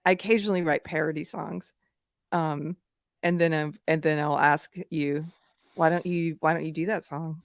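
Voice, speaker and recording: A woman's voice: low voice, fairly even intonation, moderate pace, creaky, no room sound, clean studio sound. A woman with a Southern American accent hosting a casual live-stream chat, laughing often. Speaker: podcast host.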